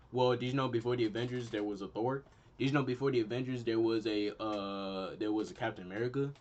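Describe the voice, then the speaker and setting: A man's voice: mid-range voice, highs cut off. Young man ranting in slang. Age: young adult. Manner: animated, repetitive, slangy. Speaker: channel host. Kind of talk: casual opinion rant.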